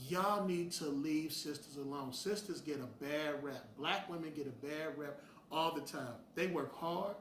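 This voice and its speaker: Man, middle-aged, blunt and preachy, somewhat high voice, distant mic. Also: vocal fry, a bit bright, a little hiss or hum. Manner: blunt, preachy, heated bursts. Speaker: host. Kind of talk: opinionated direct-to-camera talk. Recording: roomy sound from a distance.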